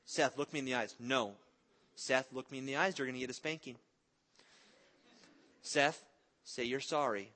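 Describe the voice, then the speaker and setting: A man's voice: medium pitch, fairly even intonation, normal speed, long pauses, sharp tone. A man in his thirties preaching a sermon in an earnest, conversational way, mixing in stories about his family. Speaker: pastor.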